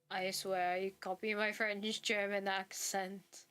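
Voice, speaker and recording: Drawing on stream, a young woman rambles in casual chat, cutting herself off and letting thoughts trail away. Her mid-range voice has a sharp tone and a measured pace with hardly any pauses, and faint music plays behind her.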